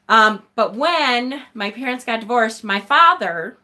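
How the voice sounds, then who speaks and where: A woman chats through a relaxed tarot live stream and reacts to her viewers' comments. She is blunt and swears freely, and laughs and sighs often. Her voice sits a little high, with a sharp, bright tone. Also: takes it slowly. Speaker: tarot channel host.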